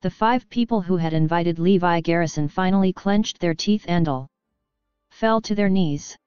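A woman narrating a web novel audiobook in a steady, even storytelling manner, in a dull recording with faint music behind. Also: on the low side, moderate pace, smooth, dry recording.

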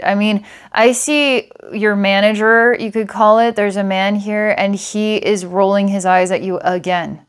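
A woman's voice: medium pitch, steady tone, measured pace, hardly any pauses, clear, resonant tone. A woman psychic giving a client a past-life reading, meandering with filler words and small laughs. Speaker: psychic reader.

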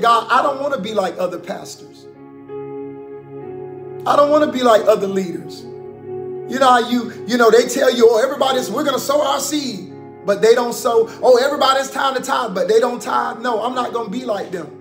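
A man's voice: sits high, roomy sound. A man preaching on a livestream as pastor, fervent and repetitive, full of amens and hallelujahs. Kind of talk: livestreamed preaching and offering appeal.

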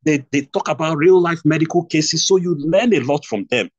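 A man's voice: on the high side, moderate pace, dry recording. A man with a Nigerian accent teaching a nursing exam review class, repeating key points and asking rhetorical questions. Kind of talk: online lecture. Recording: dull lo-fi stream audio.

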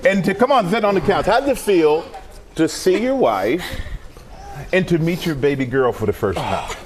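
Upbeat male TV host with lively pitch. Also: normal speed, slight background noise. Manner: upbeat, animated, often laughing. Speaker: morning show host. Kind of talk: live TV hosting and narrated report. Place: TV studio with live audience. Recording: studio with audience and music bed.

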